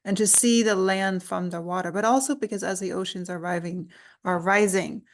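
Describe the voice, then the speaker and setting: A woman's voice: medium pitch, steady tone, moderate pace, slight background noise. A woman podcast host speaking reflectively and searching for her words. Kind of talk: reflective conversation.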